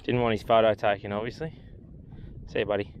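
A man's voice: on the low side, level tone, quick pace, highs cut off, a little hiss or hum. An Australian man on a boat outdoors, giving casual, chatty commentary as he fishes and talks to the fish he catches. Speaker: fishing vlogger.

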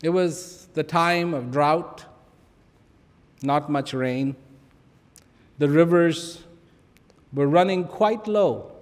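A man giving a reflective spiritual talk, telling a story with dramatic pauses, repeated phrases and sudden drops to a whisper. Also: a little high. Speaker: spiritual speaker. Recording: long reverb of a large hall.

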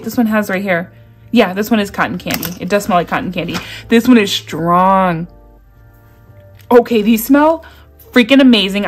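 A woman chatting excitedly as she unboxes gifts sent by a friend, gushing, gasping and laughing often. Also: medium pitch. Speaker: YouTube creator unboxing mail.

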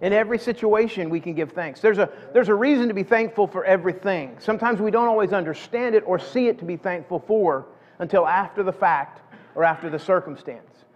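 A middle-aged pastor with a high, brisk voice preaches a folksy sermon in a church sanctuary, repeating words as he builds toward each point. The recording sounds dull, with a long reverb from the church hall.

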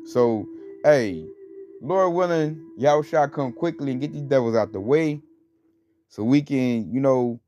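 A man's voice: mid-range voice, measured pace, a little mellow, slight background noise. A man giving an informal religious talk in a rambling, conversational way, full of fillers and scornful emphasis. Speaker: religious teacher. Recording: dull lo-fi recording with faint music.

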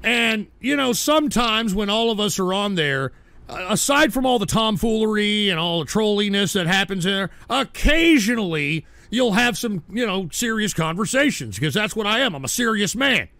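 A man hosting a livestream radio show, ranting profanely about his chat and breaking into abrasive shouting bursts. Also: high voice, lively intonation, moderate pace, no room sound. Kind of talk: profane on-air rant reading chat.

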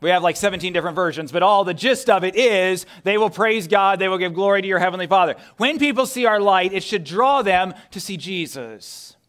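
A man preaching a sermon as a pastor, conversational, asking his congregation rhetorical questions and moving between loud emphasis and a hushed near-whisper. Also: sits high, a little fast, few pauses. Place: church sanctuary.

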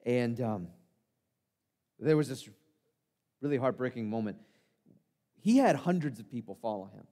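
A man's voice: medium pitch, expressive, measured pace, long pauses, warm tone, close to an everyday voice. A man performing a first-person monologue as the disciple Peter, an impulsive, earnest fisherman, telling his story in a conversational, self-deprecating way in a church sanctuary. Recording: long reverb of a church hall.

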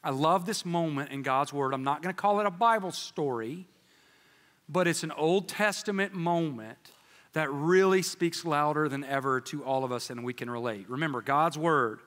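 A man preaching a sermon in a large church, telling jokes and stories in a folksy, animated way. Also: a little high, moderate pace. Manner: joking storyteller, folksy and animated. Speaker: pastor. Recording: reverberant church hall.

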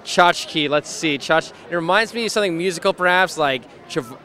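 A man's voice: on the high side, moderate pace, sharp tone, slight background noise. A man stopped on the street, musing aloud and puzzling over a word's meaning. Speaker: passer-by interviewee. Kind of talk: casual street interview.

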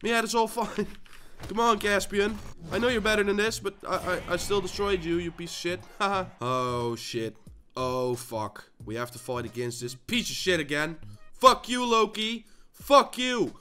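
A man with a Dutch accent commentating his own gameplay, swearing and trash-talking his opponents with sudden yelling bursts. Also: sits high, normal speed, soft background music. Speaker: gaming channel host.

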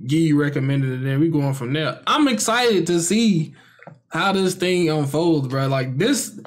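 A young man co-hosting an anime reaction channel, chatting casually in slangy, excitable bursts. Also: a little high. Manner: slangy, excitable, quick asides.

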